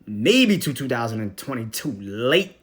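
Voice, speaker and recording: A man's voice: mid-range voice, big pitch swings, a little slow. A young man hosting a podcast, ranting bluntly with lots of swearing and laughing as he goes. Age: young adult. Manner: profane, blunt, laughs often, swings between loud and mumbled. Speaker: podcast host. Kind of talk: casual ranting monologue.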